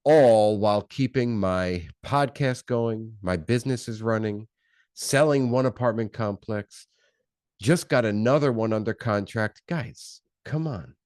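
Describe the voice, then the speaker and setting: A man with a low-pitched voice delivers an unscripted motivational talk on his own podcast. He talks in punchy, repeated phrases and keeps firing questions at the listener. The sound is dry and close, with no room around it. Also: a little slow, a little mellow, dry recording. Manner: punchy, repetitive, fired-up delivery with rhetorical questions. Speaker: podcast host.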